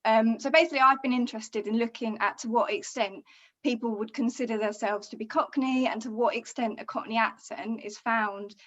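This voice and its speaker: Woman lecturer from Essex, guest on a video call; chatty with lots of fillers; higher voice, dull lo-fi sound. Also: steady tone, a little fast, a bit bright. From Southern Essex, England. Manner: chatty, many fillers and hedges. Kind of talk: casual webinar talk.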